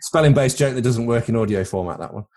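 A man's voice: mid-range voice, quick pace, dark tone. A man from Britain co-hosting a podcast in casual chat, rambling into crude comic tangents. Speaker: podcast co-host.

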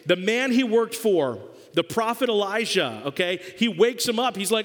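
A man's voice: high-pitched, lively intonation, normal speed, big-room sound. A man preaching a sermon as pastor, conversational and jokey.

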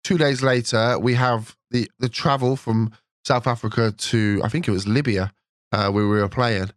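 A man co-hosting a podcast, chatting and telling a long story with excited energy. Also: medium pitch, normal speed, no echo, clean studio sound. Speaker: podcast co-host. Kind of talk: casual podcast chat.

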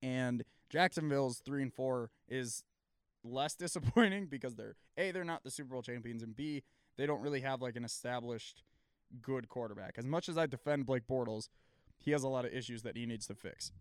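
Guy talking football on a podcast, smooth clear voice, dry room. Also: medium pitch, dry recording. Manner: chatty, laughs often. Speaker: sports podcast co-host. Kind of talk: casual sports chat.

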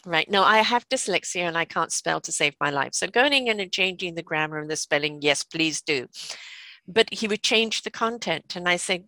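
A woman's voice: on the low side, lively intonation, moderate pace, pushed and bright, dry recording. A woman hosting an interview, chatting casually and encouraging her guest. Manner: encouraging, frequent affirmations. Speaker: interview host.

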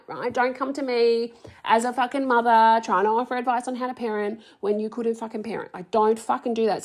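A woman in her thirties speaking in a raw, emotional personal vlog, swearing heavily and rambling through restarts. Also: a little high. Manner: rambling, restarts, many fillers. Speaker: vlogger.

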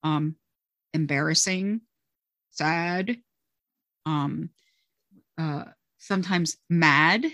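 A woman's voice: deep voice, extremely slow, pauses often, fairly bright tone, no echo. A woman who teaches music, chatting as an interview guest and telling stories expressively, often saying "you know" and "like". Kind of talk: conversational interview talk.

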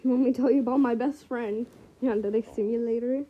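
A young woman casually chatting to herself while playing a game and watching videos, excitable and slangy, swinging between loud outbursts and quiet mutters. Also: fairly high pitch, a little fast, muffled recording. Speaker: vlogger. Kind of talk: casual gaming commentary.

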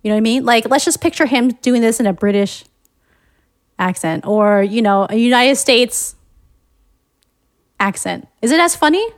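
A woman co-hosting a casual discussion, speaking in a thoughtful, measured way and murmuring softly while she listens. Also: on the high side, animated, dry recording, clean studio sound. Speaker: podcast co-host.

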